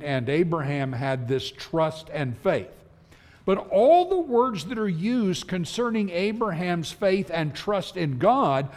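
Slow earnest preacher in reverberant hall. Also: male voice, fairly high pitch, a little mellow. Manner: earnest, emphatic, reads scripture slowly. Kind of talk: sermon. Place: church auditorium. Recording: long church hall reverb.

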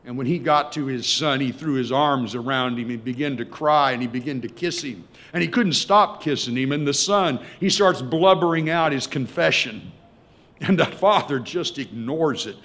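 Male preacher, sermon, dramatic storytelling, loud to hushed swings. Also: medium pitch, moderate pace.

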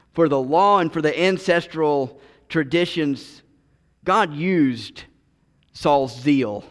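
A man preaching a sermon as pastor, earnest, often repeating and restarting his words. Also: on the high side. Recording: long reverb of a large hall.

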